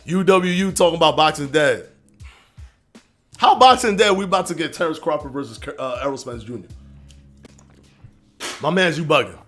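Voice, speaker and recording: A man hosting a live stream, arguing his points and answering chat comments in a casual, animated way. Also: on the high side. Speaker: livestream host reading chat.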